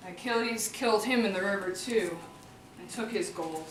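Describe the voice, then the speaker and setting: A woman's voice: medium pitch, a little slow, recorded from a distance, slight background noise. A woman with a Chicago accent performs an ancient epic as live storytelling, breaking off for casual, laughing asides. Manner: casual asides and laughter between recited lines. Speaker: performer-translator. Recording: echoey hall recorded from afar.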